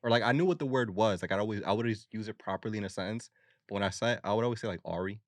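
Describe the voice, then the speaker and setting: A man's voice: lowish voice, rapid-fire, dry recording, studio quality. A man co-hosting a podcast, recapping odd news stories in a loose, slangy way with lots of fillers. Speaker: podcast co-host. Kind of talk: casual chat.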